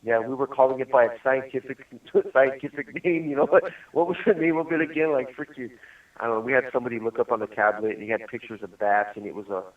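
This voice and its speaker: Over a distant, tinny phone line, a man in prison tells rambling stories in casual chat, laughing often. His mid-range voice moves at a quick pace.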